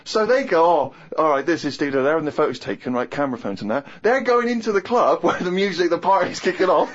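Husky Englishman telling a comic story. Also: sits high, a little fast, hardly any pauses, dull audio. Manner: animated, exasperated storytelling with self-mocking asides.

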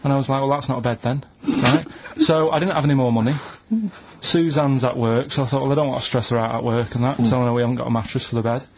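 A man, a regular on a radio show, telling a story in a dry, deadpan way in casual banter. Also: medium pitch, fast, lo-fi sound, slight background noise.

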